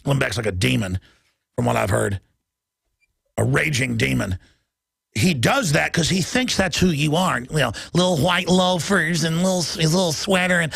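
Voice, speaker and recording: A male radio talk show host delivering a combative, mocking monologue with a raspy, gravelly voice. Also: sits high, lively intonation, moderate pace, fairly bright tone, no echo.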